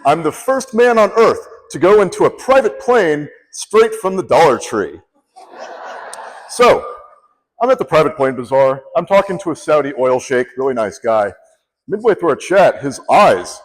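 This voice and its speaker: A man giving a humorous storytelling speech, acting out the people he quotes. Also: fairly high pitch. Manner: animated, acts out quoted people. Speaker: contest speaker. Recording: long hall reverb.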